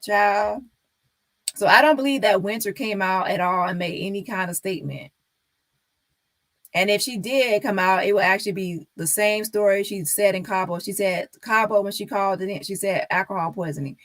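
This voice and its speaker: A woman's voice: mid-range voice, moderate pace, fairly bright tone, no echo. A woman on a live stream talking casually and insistently to her viewers, repeating her points.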